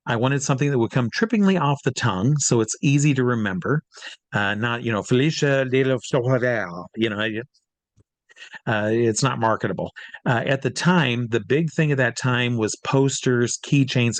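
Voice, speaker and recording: A man's voice: medium pitch, no room sound. A man in casual interview talk, rambling with lots of fillers and restarts, and acting out the voices of people he quotes. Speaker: guest performer.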